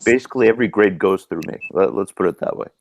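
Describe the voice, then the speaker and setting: A man's voice: sits low, quick pace, vocal fry. A middle-aged man hosting a live video hangout. He talks loosely with lots of ums and restarts, and his voice is going. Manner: loose, filler-heavy talk with many ums and restarts. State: losing his voice. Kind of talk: casual live-stream chat. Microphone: video call microphone.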